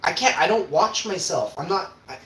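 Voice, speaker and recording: A man on a casual livestream, cooking in his kitchen and swearing constantly as he rants, with sudden loud outbursts. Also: high voice, animated, normal speed. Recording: roomy with faint background hum.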